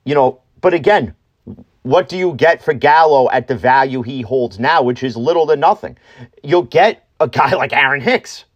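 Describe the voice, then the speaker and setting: A man's voice: mid-range voice, normal speed, muffled recording. A man hosting an opinionated sports talk show, ranting bluntly and swearing freely. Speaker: sports podcast host.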